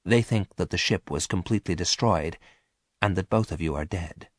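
A man voicing a calm male spaceship operator who speaks quietly and evenly in a storybook reading. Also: low-pitched, dry recording, clean studio sound. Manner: quiet, measured.

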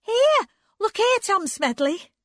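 A woman's voice: very high voice, very animated, normal speed, a bit bright, no echo, studio quality, pitched above the performer's own voice, full character voice. A woman voicing a blunt young country woman who scolds sharply in broad dialect. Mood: scolding.

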